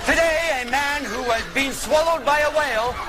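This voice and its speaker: A man's voice: extremely high pitch, normal speed, over loud music. A man reading silly news items as a mock anchorman in a comedy sketch.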